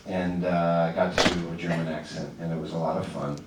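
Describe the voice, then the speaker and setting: A man's voice: low-pitched, flat delivery, a little fast. A man answering fan questions as a guest actor at a convention, chatty, stammering through restarts and laughing easily. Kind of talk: casual convention Q&A. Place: large convention hall stage. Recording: echoey hall, far from the mic, noisy.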